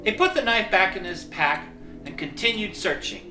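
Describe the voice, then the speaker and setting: A narrator reading a children's storybook aloud in an expressive, lively storytelling manner. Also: mid-range voice, moderate pace, reverberant, faint music behind.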